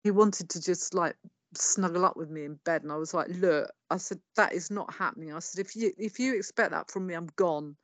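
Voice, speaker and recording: A woman's voice: on the low side, a little fast, dry recording. Blunt, swearing English woman storyteller. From England. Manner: swears freely, tells it bluntly with quoted dialogue. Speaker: guest. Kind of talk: candid personal storytelling.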